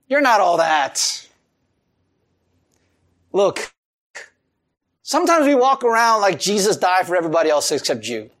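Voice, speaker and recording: Male pastor, sermon delivery; very lively, expressive pitch, emphatic, drops to quiet asides. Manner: animated, chuckling, swings between loud emphasis and soft low asides.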